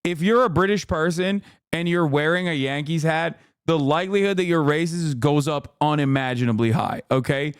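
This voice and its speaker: Blunt, profane male streamer, crisp voice. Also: on the high side, normal speed, dry recording, clean studio sound. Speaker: streamer reacting to news footage. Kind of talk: live reaction stream commentary.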